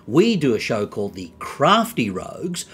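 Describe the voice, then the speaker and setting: An Australian man co-hosts a comedic review with an upbeat, bantering delivery. His voice is a bit husky, and his pitch swings widely as he talks. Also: huge pitch swings, moderate pace. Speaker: co-host.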